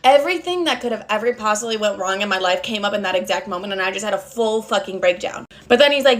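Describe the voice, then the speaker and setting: A woman's voice: medium pitch, fast, hardly any pauses. A woman in her twenties telling a storytime to camera, chatty and profane, with lots of "like" fillers. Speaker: storytime vlogger. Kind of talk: casual storytime monologue.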